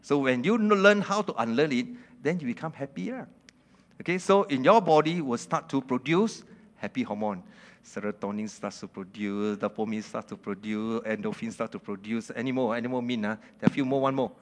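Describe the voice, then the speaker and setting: A male preacher giving a lively sermon. He keeps asking the audience questions, laughs often and speaks in simple, broken grammar. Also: mid-range voice, brisk.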